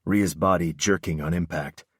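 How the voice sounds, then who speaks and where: A man's voice: deep voice, fairly even intonation, normal speed, slightly rough, dry recording, studio quality. A man narrating a first-person audiobook with an intense, brooding delivery.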